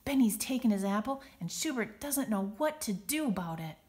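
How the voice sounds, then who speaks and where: A woman reading a children's picture book aloud, expressive and dramatic on the sound words. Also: a little high, normal speed. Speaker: storybook reader.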